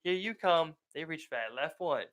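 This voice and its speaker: A man's voice: on the high side, lively intonation, normal speed, a bit bright. A man co-hosting a podcast in casual chat, rambling with many "like"s and restarts. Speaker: podcast co-host.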